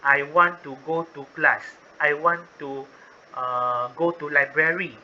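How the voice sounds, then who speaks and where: A man with a Malaysian accent teaching a Mandarin lesson, patiently explaining and repeating words slowly. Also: a little high, steady tone, muffled recording, a little hiss or hum. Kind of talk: online language lesson.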